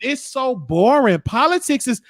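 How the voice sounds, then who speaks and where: A high-pitched man hosts a casual livestream chat. He rambles and speaks bluntly, dropping curse words freely. His voice is dry and close, with no room echo. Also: big pitch swings, unhurried, creaky. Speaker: show host.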